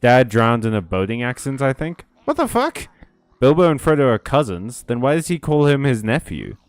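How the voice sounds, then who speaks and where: Here a gaming streamer's mid-range voice has a sing-song lilt as he plays and reads chat aloud at normal speed. The recording is dry, and his casual let's-play talk is laced with sarcasm and plenty of cursing.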